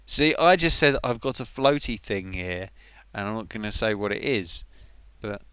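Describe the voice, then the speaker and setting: A man's voice: on the low side, animated, moderate pace, bright, forceful tone, clean tone, no echo. A man chatting casually on a live stream, rambling and self-mocking as he answers viewers.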